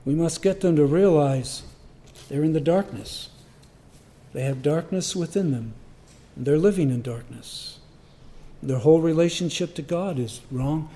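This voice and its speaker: A man's voice: on the high side, a little slow, mellow. An older man preaching a sermon, telling a personal story in a conversational way. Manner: storytelling, conversational, acts out voices. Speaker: pastor.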